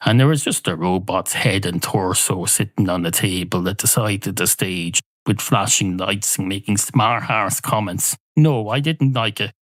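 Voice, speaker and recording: A man's voice: fairly low pitch, moderate pace, hardly any pauses, fairly bright tone, no room sound. An Irish man hosting a podcast, delivering a sardonic comic rant with a grumbling tone. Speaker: podcast host.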